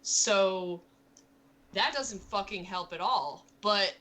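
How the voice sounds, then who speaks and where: A woman at a tabletop game session, talking slowly with a bright, forceful tone. She chats casually, giggles a lot and drops the odd swear word as she reads out her notes. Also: mid-range voice. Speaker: player. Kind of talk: casual tabletop play chat.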